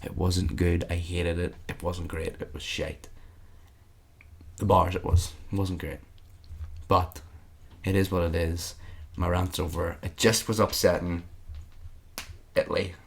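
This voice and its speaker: A young man co-hosting a casual chat podcast, ranting in an animated way and swearing freely. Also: deep voice, a little slow, vocal fry, long pauses, husky. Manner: ranting, animated, swears freely, drifts into mock-dramatic outbursts. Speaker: podcast co-host.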